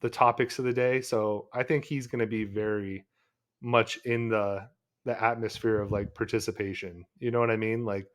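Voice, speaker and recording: A laid-back man with a fairly low voice, co-hosting a sports podcast. He talks in an easygoing, chatty way and laughs along often. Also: fairly even intonation, normal speed. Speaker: podcast co-host. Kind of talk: casual sports chat.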